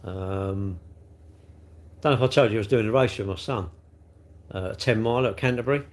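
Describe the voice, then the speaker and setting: A man's voice: fairly low pitch, fairly quick. A man in his sixties with a South London accent, chatting casually on a livestream and answering comments, rambling and tagging questions onto everything. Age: 60s. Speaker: livestream host.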